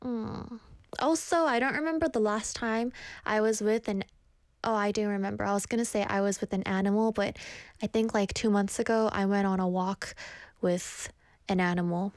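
A woman's voice: mid-range voice, moderate pace, dry recording, studio quality. A young woman hosting a casual stream, chatting with viewers, reading their comments aloud and telling self-deprecating stories. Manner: animated quoted voices in stories. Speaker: streamer host reading chat.

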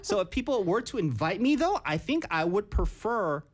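A woman with a Korean accent co-hosting a bilingual podcast, speaking slow, careful English and switching into rapid Korean. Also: mid-range voice, very animated. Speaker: podcast co-host teaching English. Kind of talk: bilingual casual podcast chat.

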